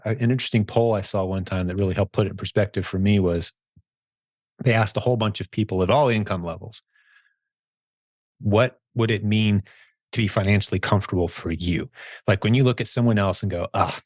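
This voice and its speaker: Male host, low voice, punchy conversational delivery, dry close sound. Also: a little fast, darkish tone, dry recording. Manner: emphatic, says "dude" a lot. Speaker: podcast host. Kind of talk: casual interview chat.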